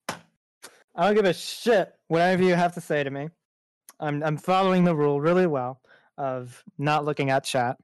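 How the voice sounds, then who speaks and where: A man's voice: fairly high pitch, smooth, no echo. A man who is a guest on a livestream, joking and bossing his chat around in a casual way. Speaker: streamer guest.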